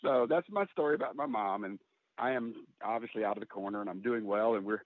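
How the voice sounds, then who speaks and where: A middle-aged man, a country singer interviewed as a guest, speaking openly and earnestly in a halting, candid way. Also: lowish voice, no room sound. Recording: tinny phone-like line, dry.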